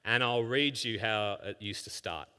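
A man preaching a sermon as pastor, firing rhetorical questions and moving between hushed scripture reading and loud emphasis. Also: fairly low pitch, measured pace, clear, resonant tone. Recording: long hall reverb.

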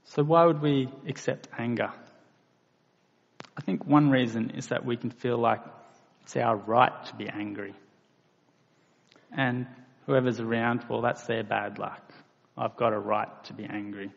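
A man preaching a sermon in a slow, deliberate way, with emphatic bursts now and then. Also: medium pitch, creaky. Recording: dull reverberant hall recording.

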